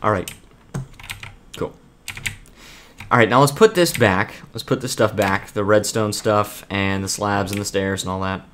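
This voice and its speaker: Streaming a building game, this man talks casually to his viewers in a rambling way, frequently starting over. His voice sits on the low side yet sounds fairly bright, and he speaks unhurriedly with long pauses over slight background noise.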